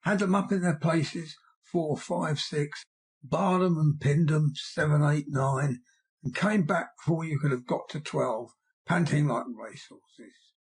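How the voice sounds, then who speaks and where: A male audiobook narrator reads in a measured, expressive storytelling manner. His voice sits a little high for a man and carries a husky texture.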